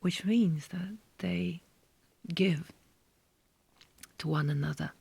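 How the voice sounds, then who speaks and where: Woman tarot reader, whispering, very husky, slow. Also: lowish voice, no room sound. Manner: slow, soft, gently whispered delivery. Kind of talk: tarot reading, soft whispering.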